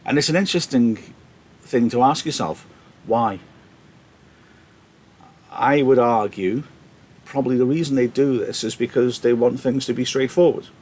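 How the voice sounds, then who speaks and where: A man's voice: mid-range voice, normal speed, pauses often, darkish tone. A male teacher in a live lesson, reading a play aloud and explaining it in casual modern paraphrase, into a laptop mic.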